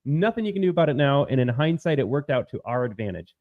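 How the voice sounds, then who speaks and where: A man's voice: medium pitch, very animated, fast talker, dry recording, phone-quality sound. A man hosting an opinionated political commentary, talking emphatically to his viewers and repeating his points.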